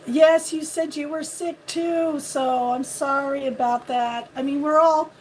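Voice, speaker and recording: Hoarse high-pitched woman greeting viewers. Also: steady tone, a little slow, a little mellow, a little hiss or hum. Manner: chatty, laughing at her own voice, greeting viewers by name. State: hoarse, losing her voice from a cold. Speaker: live stream host. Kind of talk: casual morning live stream chat. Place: home on a windy ridge.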